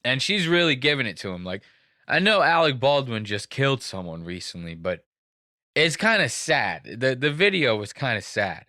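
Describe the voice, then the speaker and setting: A man's voice: medium pitch, sing-song, normal speed, pushed and bright, no room sound, studio quality. A young man hosting a casual podcast, rambling and swearing as he jokes through the story. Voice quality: profane, rambling, jokey. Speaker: podcast host.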